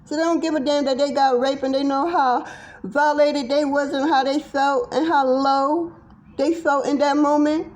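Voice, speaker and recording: A woman's voice: sits high, steady tone, normal speed, darkish tone. A middle-aged woman giving a tarot reading monologue to viewers, blunt, profane and impassioned. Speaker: tarot reader.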